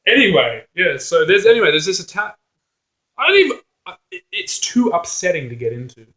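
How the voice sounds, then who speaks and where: A man's voice: high-pitched, brisk. A man with an Australian accent in casual chat, laughing often and swearing freely. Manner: laughs often, animated and profane. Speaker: co-host. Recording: roomy echo.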